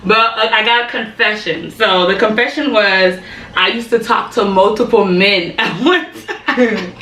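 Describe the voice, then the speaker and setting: Young woman beauty vlogger; blunt, slangy chat, bright tone, echoey room. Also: medium pitch, measured pace. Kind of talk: casual chat while doing makeup. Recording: echoey room, mic at a distance.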